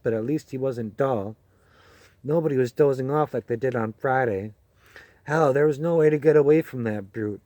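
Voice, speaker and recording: Brief: a man playing a jaded male reporter, gruff and matter-of-fact, mellow timbre, dry recording. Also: medium pitch, no echo, close to an everyday voice. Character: weary, cynical male campaign reporter.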